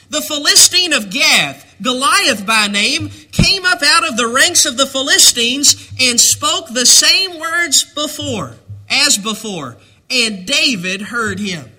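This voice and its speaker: A man's voice: very high-pitched, bright, forceful tone. A man preaching a sermon, reading scripture with lift and emphasis and acting out the voices of its figures. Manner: bible reading in a lifted, emphatic voice.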